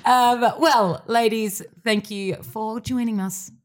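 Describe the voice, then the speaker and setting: A woman's voice: fairly high pitch, steady tone, slow. An Australian woman hosting a casual sports chat podcast, blunt and opinionated. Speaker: podcast host.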